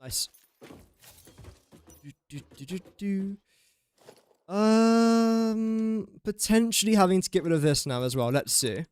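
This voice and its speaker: A man's voice: high voice, lively intonation, slow, pauses often, darkish tone, clear, resonant tone. A young man, chatting casually while live-streaming a building game and talking himself through each step. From England. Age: young adult. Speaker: gaming streamer. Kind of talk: casual live gameplay commentary.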